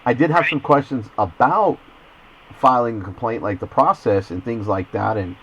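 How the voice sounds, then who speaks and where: A man's voice: medium pitch, normal speed, fairly bright tone, slightly rough. A man working as an investigative journalist, talking insistently on a recorded phone call and often stammering and repeating his words. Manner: insistent, persistent.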